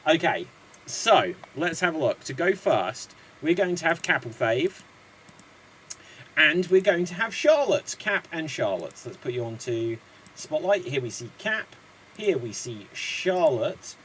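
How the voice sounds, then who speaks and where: A man's voice: on the high side, very animated, measured pace, fairly bright tone, a little hiss or hum, rough recording. A man hosting an online improv comedy show, chatty and rambling.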